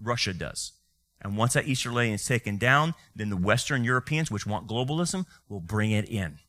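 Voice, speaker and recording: A man's voice: on the low side, expressive, normal speed, fairly bright tone. A male pastor preaching a fiery sermon, full of rhetorical questions and sarcastic asides.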